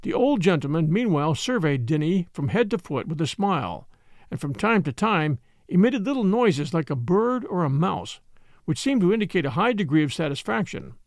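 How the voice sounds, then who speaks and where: A man narrating a classic story in an expressive reading, voicing the characters. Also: a little high, normal speed, no room sound, clean studio sound. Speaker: audiobook narrator.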